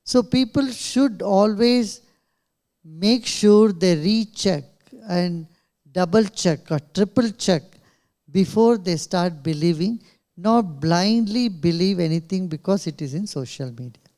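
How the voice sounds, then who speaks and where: A man answering questions at a press conference in a slow, measured way, pausing often with small laughs. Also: high voice, lively intonation. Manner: slow, measured, with many pauses and soft laughs. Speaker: invited speaker. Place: press club conference room.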